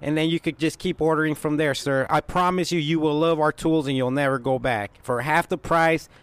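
A man's voice: on the high side, steady tone, a little fast, fairly bright tone, a little hiss or hum, lightly acted. A man imitating an upbeat, persistent phone salesman reading a cheesy sales script. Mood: salesy.

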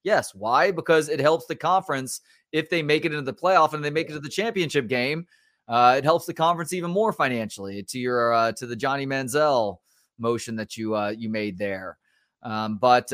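A man's voice: medium pitch, a bit bright, no room sound, studio quality. A man hosting a sports podcast, making earnest, reasoned points in casual chat. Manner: earnest, reasoned, laughs easily. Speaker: podcast host.

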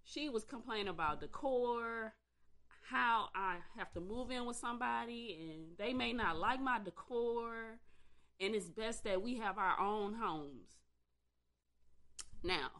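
Woman, blunt profane rant, slow deliberate delivery, swooping higher voice. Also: fairly bright tone. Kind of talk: ranting commentary.

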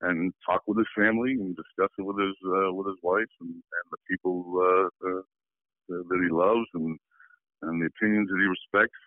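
Deep-voiced older man on a phone line. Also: steady tone, moderate pace, dry recording. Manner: rambling, many fillers and restarts. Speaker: guest, former football player. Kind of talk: storytelling phone interview.

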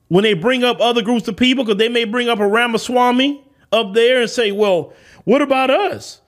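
A man's voice: very high voice, steady tone, fairly quick. A man hosting a podcast, giving an emphatic opinion monologue and hammering home his points with blunt repetition. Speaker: podcast host.

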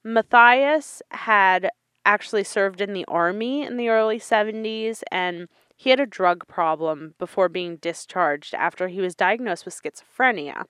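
A woman's voice: medium pitch, a little slow, fairly bright tone, smooth, no room sound, clean studio sound. A young woman co-hosting a podcast, telling a true-crime case in casual chat, laughing often and swearing freely. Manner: giggly, chatty, swears casually. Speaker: podcast co-host.

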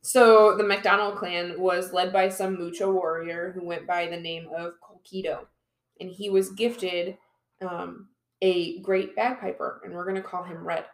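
Lower-voiced woman telling a story in a roomy space. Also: level tone, unhurried. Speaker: podcast co-host telling a history story. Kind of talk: casual storytelling chat. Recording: roomy echo.

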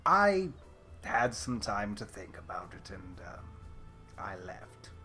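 A man voicing a soft-spoken adult male adventurer in a tabletop game, his voice sometimes dropping to near whispers. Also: lowish voice, very animated, takes it slowly, soft background music, pitched below the performer's own voice, heavily acted. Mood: reflective.

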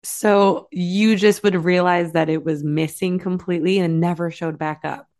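A woman interviewing a guest, reacting warmly and asking follow-up questions. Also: on the low side, fairly even intonation, normal speed. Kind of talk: conversational interview.

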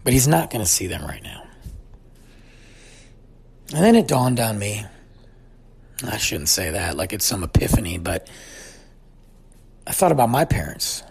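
Guy in his 40s, kinda husky voice, talking slow and heartfelt about family, pitch moves around a lot. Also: big pitch swings, darkish tone. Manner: heartfelt, thoughtful storytelling. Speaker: father telling a family story. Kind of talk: personal reflective monologue.

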